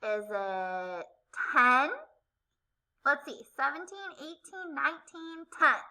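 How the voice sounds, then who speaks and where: A woman teacher giving a slow, sing-song video math lesson to young children, counting aloud and playfully pretending to guess wrong. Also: high voice, big pitch swings, pushed and bright, poor audio. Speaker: kindergarten teacher.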